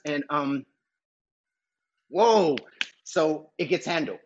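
A middle-aged actor with a high-sitting voice and drawn-out words chats casually as an interview guest. He's animated, acts out quoted voices and laughs easily, though the recording is muffled, dull and lo-fi.

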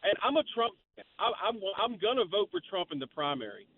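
A man's voice: high voice, sing-song, a little fast, breathy edge. Blunt male caller on a phone line. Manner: blunt, opinionated. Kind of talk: call-in political talk radio.

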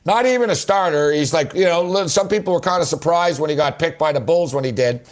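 Excitable, rambling man on sports radio. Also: a little high, fairly quick. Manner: excitable, loose, slangy, self-interrupting. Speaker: sports betting radio host. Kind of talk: casual rambling radio talk.

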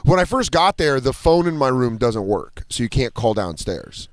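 A man's voice: medium pitch, moderate pace, no room sound. A man in his thirties casually telling a comic story on a podcast, acting out the voices of other people. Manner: animated, acts out other people's lines. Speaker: podcast host.

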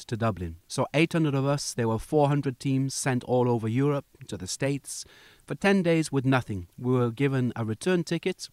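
Male interview guest, lively storyteller who voices his characters; middle pitch, dry close recording. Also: dry recording. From United Kingdom. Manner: animated storyteller acting out quoted voices. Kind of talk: storytelling in a conversation.

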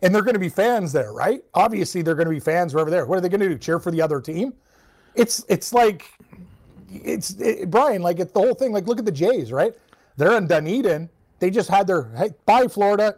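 A man's voice: a little high, darkish tone. A man co-hosting a sports radio show, chatting casually about hockey and laughing often. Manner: chatty, laughs often, does voices of his mom.

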